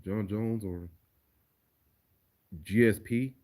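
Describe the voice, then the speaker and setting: A man's voice: fairly low pitch, steady tone, extremely slow, a little mellow. A man answering viewer questions on a casual livestream, laid-back and profane, often repeating words as he thinks. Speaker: livestreamer and remix producer.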